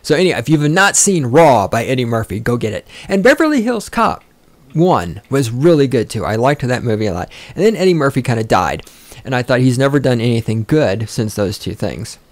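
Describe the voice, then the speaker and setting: A man's voice: medium pitch, very animated, a little fast, no room sound. A man hosting a podcast, ranting in a rambling, profane, sarcastic way and getting sidetracked easily. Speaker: podcast host. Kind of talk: rambling casual rant.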